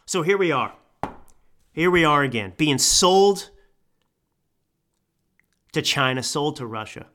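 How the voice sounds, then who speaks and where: Angry, animated ranting man. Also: on the high side, slow pace, pauses often. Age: 30s. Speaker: podcast host. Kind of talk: political commentary rant. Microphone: studio microphone.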